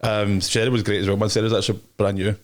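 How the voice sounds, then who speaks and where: A man's voice: on the low side, level tone, very fast. A young Scottish man, a DJ and promoter, telling rambling, slangy anecdotes as an interview guest. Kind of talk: casual interview chat.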